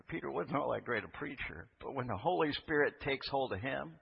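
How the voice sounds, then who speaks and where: A man's voice: medium pitch, animated, normal speed, gravelly, breathy edge. Man preaching in a reverberant hall. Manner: conversational, asks rhetorical questions. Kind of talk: sermon. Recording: dull reverberant hall recording.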